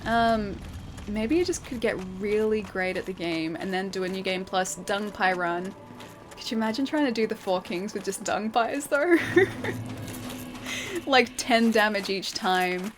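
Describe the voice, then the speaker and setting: Australian woman game streamer, chatty and quick to laugh, on a noisy recording. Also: mid-range voice. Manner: chatty, laughs often, thanks viewers while playing. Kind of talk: live gameplay commentary. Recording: steady background noise.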